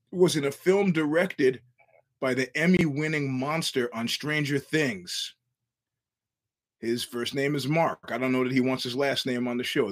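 A man hosting his own podcast, rambling through a wry, chuckling solo monologue with frequent restarts. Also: mid-range voice. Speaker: podcast host.

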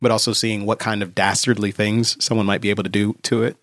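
A man co-hosting a podcast, chatting in a dry, wry, deadpan way. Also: on the low side, quick pace, dry recording. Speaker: podcast co-host. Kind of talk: casual chat.

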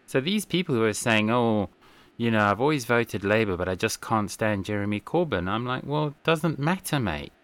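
A man's voice: lowish voice, moderate pace, a bit bright, clear, resonant tone, dry recording. A man hosting a podcast, giving opinionated, casual political commentary and laughing often. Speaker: podcast host.

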